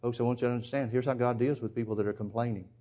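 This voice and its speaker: A man preaching a sermon, emphatic, firing rhetorical questions and swinging between loud and hushed. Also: medium pitch, steady tone, very fast.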